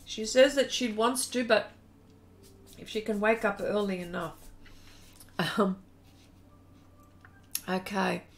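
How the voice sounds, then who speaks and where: Speaking slowly in a mid-range voice with long pauses, an Australian woman hosts a live painting demo as an art instructor. She chats, giggles, reads out viewer comments, and greets people by name.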